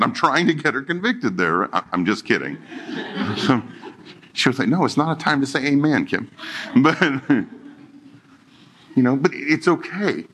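Middle-aged man, pastor, casual joking sermon delivery, medium pitch. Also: a bit bright. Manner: joking, conversational preaching with laughs and quoted dialogue.

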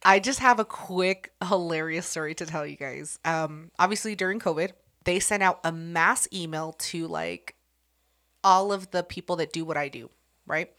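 A woman's voice: on the low side, expressive, normal speed, fairly bright tone. A young woman co-hosting a casual podcast, blunt and sassy with plenty of swearing. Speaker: podcast co-host.

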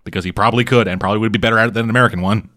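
A man's voice: lowish voice, steady tone, racing, bright, forceful tone, no echo. A man casually recapping a TV show for a podcast, swearing often and rambling through asides. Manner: profane, rambling storyteller. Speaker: podcast co-host.

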